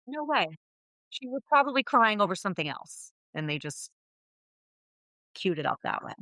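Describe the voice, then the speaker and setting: A woman at a mid pitch co-hosts a relaxed podcast and chats about reality TV. She agrees easily and often trails off mid-thought. The sound is dry and close to the mic. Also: normal speed, dry recording. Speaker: podcast co-host. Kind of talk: casual reality-TV recap chat.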